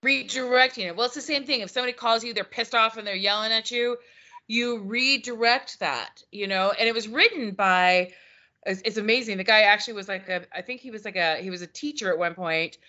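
A woman co-hosting a podcast in casual chat, telling stories and acting out what people said. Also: medium pitch. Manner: animated storyteller, acts out quoted exchanges. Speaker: podcast co-host; former customer service manager. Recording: dull lo-fi audio.

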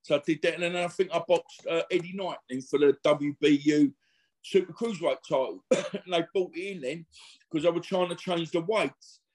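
A man's voice: on the high side, normal speed, a little mellow. A middle-aged man, a former boxer telling rambling, slangy stories in a casual interview. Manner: chatty, rambling, laddish slang with frequent fillers.

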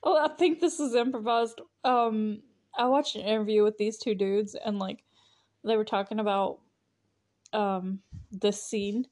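A woman's voice: medium pitch, fairly even intonation, measured pace, a little mellow. A woman hosting a casual movie recap podcast, chatty and laughing, with lots of fillers. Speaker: podcast host.

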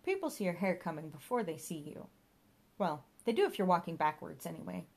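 A woman's voice: lowish voice, big pitch swings, a little fast, vocal fry, heavily acted. A woman voicing an eccentric middle-aged mother who chatters in a dotty, matter-of-fact way.

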